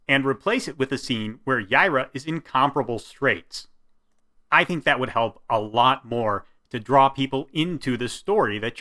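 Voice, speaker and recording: A man with stage acting experience giving a calm, explanatory critique in a commentary video. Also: medium pitch. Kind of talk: commentary vlog.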